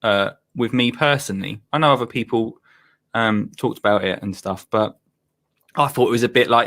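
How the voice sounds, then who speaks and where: Bright-voiced man hosting a chat. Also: medium pitch, steady tone, a little fast. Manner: laughs often, banters, chatty. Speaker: host. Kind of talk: casual chat.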